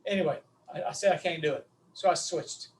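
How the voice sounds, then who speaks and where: A middle-aged man with a Southern US accent giving a folksy, animated webinar lecture, calling his audience his friends. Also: fairly high pitch, fairly quick, far from the mic, a little hiss or hum, rough recording. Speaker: webinar speaker on vocal delivery.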